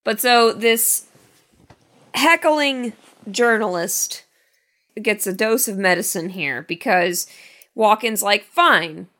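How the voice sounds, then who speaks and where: A woman's voice: medium pitch, slow, pauses often, fairly bright tone. A woman co-hosting a casual podcast about a film, recapping scenes and asking her co-host questions. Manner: chatty, questioning.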